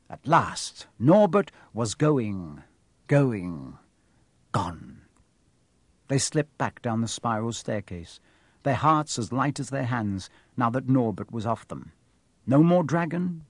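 A man reading a storybook aloud in a measured, expressive way. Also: mid-range voice, no echo. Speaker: audiobook narrator. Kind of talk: scripted storybook narration.

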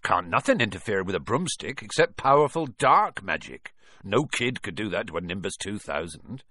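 A man voicing a big, gruff, stubborn and loyal male gamekeeper in a storybook reading, blustering as he talks. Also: fairly low pitch, big pitch swings, moderate pace, sharp tone, no room sound, clean studio sound, pitched below the performer's own voice, heavily acted. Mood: shaken.

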